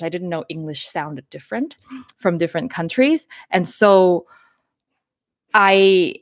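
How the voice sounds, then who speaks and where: Hosting a live Q&A chat, this woman from Thailand, a native Thai speaker with a North American accent, talks a little slowly in a lowish voice. Her manner is chatty and full of laughter and animated stories.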